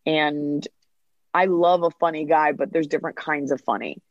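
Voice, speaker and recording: A woman comedian in her thirties, a podcast guest, telling quick, chatty stories and acting out quoted lines in casual interview talk. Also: low-pitched, fairly even intonation, no room sound, dull audio.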